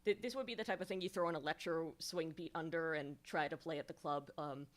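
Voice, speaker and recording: A woman's voice: sits low, steady tone, quick pace. Rambling New woman streamer. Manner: rambling, many fillers and restarts, explanatory. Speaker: streamer giving songwriting feedback. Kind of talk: casual livestream critique.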